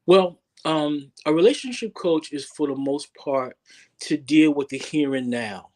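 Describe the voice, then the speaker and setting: A man's voice: on the high side, a little slow, darkish tone. Guy talking as a relationship coach, earnest, keeps repeating words as he goes. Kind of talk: interview guest, casual talk.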